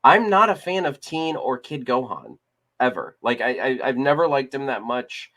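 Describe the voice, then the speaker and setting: A man's voice: medium pitch, animated, normal speed, fairly bright tone. A man co-hosting a casual discussion podcast, talking in a rambling way with many restarts and fillers. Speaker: podcast co-host. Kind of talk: casual chat.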